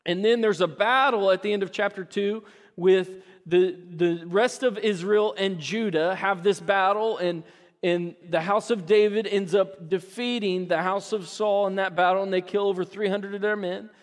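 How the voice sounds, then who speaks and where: Middle-aged pastor guy, highish voice, chatty and self-deprecating, big hall reverb. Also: fairly even intonation, moderate pace. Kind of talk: sermon with personal story.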